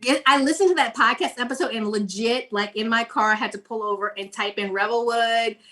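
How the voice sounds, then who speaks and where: A bubbly, effusive middle-aged woman hosts a live-stream giveaway. Her voice sits fairly high and she laughs often. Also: fairly quick, bright, forceful tone. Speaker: host of a virtual conference.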